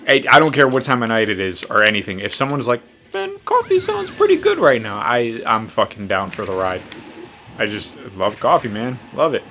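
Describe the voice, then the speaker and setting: A man's voice: fairly low pitch, brisk, sharp tone, a little hiss or hum. A man in his twenties telling a rambling, profane, self-mocking story in a casual chat while gaming. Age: 20s. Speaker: podcast host.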